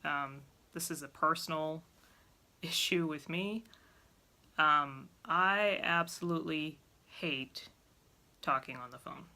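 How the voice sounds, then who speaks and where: Vlogger, woman, blunt and exasperated; lowish pitch, bright, forceful tone. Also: slow pace. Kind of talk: casual talk to camera.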